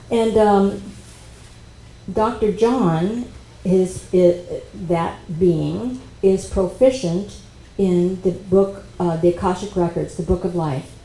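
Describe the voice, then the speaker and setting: A woman speaking at a spiritual workshop, telling a personal story in a conversational, animated way. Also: lowish voice. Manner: animated, conversational, with quoted dialogue. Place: expo workshop room. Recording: echoey room with faint noise.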